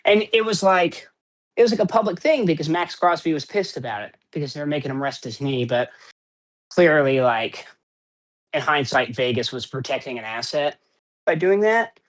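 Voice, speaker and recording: A man's voice: on the high side, moderate pace. A man co-hosting a casual sports podcast, rambling and opinionated with plenty of swearing. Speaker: podcast co-host.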